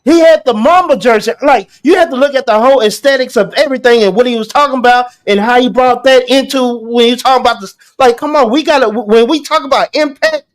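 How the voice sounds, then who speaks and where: A man hosting a poetry show, talking in a casual, animated way with lots of restarts and slang. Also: very high-pitched, quick pace, hardly any pauses. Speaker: host. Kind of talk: casual chat.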